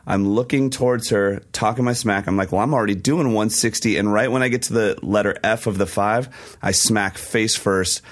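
Hoarse, excitable male co-host, fairly low voice, chatty storyteller. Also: moderate pace. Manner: excitable storyteller, laughs often. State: hoarse, losing his voice. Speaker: podcast co-host. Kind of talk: casual chat.

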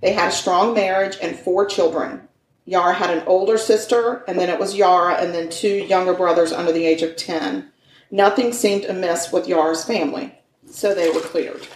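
A woman with a lowish voice tells a true crime case to her co-host, chatty and loose, correcting herself as she goes. She sounds like she's in an echoey room. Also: fairly even intonation, moderate pace, distant mic, slight background noise. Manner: conversational, with fillers and self-corrections. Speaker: podcast host. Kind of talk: true crime storytelling chat.

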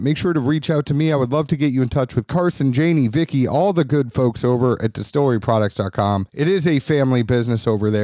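A man hosting a podcast talks in quick, upbeat bursts and sounds a little out of breath. His voice sits mid-range, and the close mic leaves almost no room sound. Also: medium pitch, darkish tone, dry recording. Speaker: podcast host. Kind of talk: sponsor reads and casual interview.

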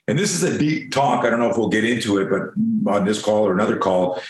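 Profane, animated male storyteller, roomy echo. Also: medium pitch, brisk, hardly any pauses. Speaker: guest. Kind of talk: casual storytelling interview.

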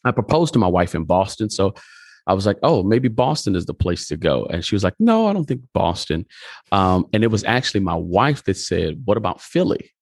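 This pastor has a deep voice and talks a little fast, acting out dialogue as he tells his story in a relaxed interview. He's an animated storyteller. The recording is dry and clean, studio quality.

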